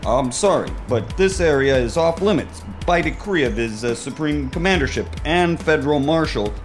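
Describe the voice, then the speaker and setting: A man's voice: on the high side, lively intonation, normal speed, faint music behind, natural voice. An actor playing a nervous, polite young male security guard. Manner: hesitant, polite.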